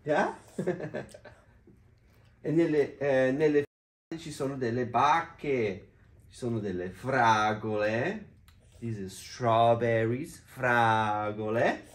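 A woman, a parent, teaching young children Italian words in a hotel room, saying each word slowly and repeating it. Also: extremely low pitch, echoey room. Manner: slow, drawn-out repetition of each word. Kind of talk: children's vocabulary lesson.

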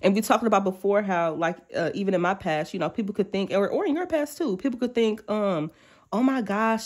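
A woman's voice: mid-range voice, a little fast. A woman giving a casual tarot reading to her viewers, chatty and slangy, often breaking off to act out quoted thoughts. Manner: chatty, animated, slangy and self-interrupting, acting out quoted thoughts. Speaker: tarot reader.

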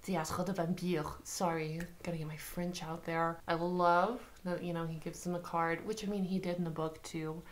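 Casting: young woman, trailer-reaction vlogger, excitable and gushing. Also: on the low side, moderate pace, hardly any pauses. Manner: excitable, swears freely, gushing.

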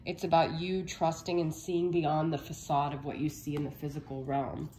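A woman's voice: sits low, flat delivery, moderate pace, dark tone, echoey room, slight background noise. A young woman giving a casual tarot reading, a little out of breath, chatty and reassuring, often checking in with "okay?". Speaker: tarot reader.

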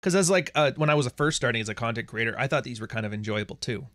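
Racing along in an animated, slightly bright voice of medium pitch, a livestream host delivers a profane, blunt, crude rant and reads out what viewers type in chat. There's no room sound at all.

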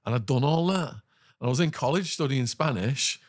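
A British man, a podcast guest, recounting a story in conversation with animated delivery, quick laughs and asides. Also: mid-range voice, no echo, studio quality. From Britain.

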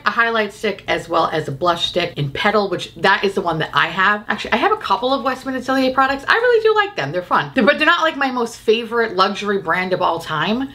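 A woman, a beauty YouTuber, chatting casually about makeup, swearing freely and laughing often. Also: medium pitch. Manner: profane, giggly, animated and opinionated.

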